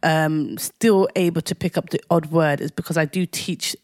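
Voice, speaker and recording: A woman's voice: low-pitched, steady tone, normal speed, a little mellow, no echo, studio quality. A woman co-hosting a podcast in casual chat, playful and teasing, often talking over her partner. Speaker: podcast co-host.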